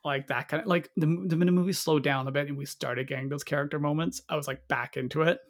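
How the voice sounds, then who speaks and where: Here a male movie reviewer talks fast on a podcast, his voice on the high side and fairly even in intonation. He drifts from point to point, breaks off mid-thought, and voices lines in quotes.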